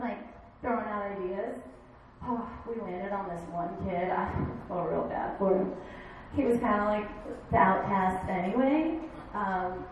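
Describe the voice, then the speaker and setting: A woman in her thirties doing a stand-up comedy set, chatty and animated, slipping into quick impressions. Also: medium pitch, a little hiss or hum. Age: 30s. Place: bar stage. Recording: echoey bar room from far off.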